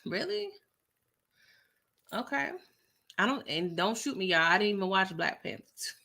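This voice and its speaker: Chatty animated woman, bright voice. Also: medium pitch, normal speed, vocal fry. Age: middle-aged. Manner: chatty and animated, laughs often, talks straight to the viewers. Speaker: livestream host reading viewer chat. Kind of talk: casual chat.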